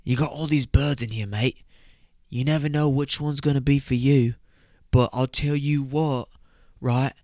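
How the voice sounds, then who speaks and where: A man's voice: medium pitch, fairly even intonation, a little slow, darkish tone, no echo, clean studio sound, lightly acted. A man doing a swaggering, crude young British lad in a put-on British accent. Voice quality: profane, boastful.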